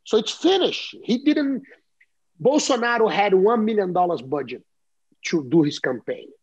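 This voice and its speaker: Brazilian-accented man telling animated stories. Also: high voice, normal speed, slightly rough, lo-fi sound. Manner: animated storyteller, restarts and repeats words. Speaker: guest. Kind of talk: casual interview storytelling.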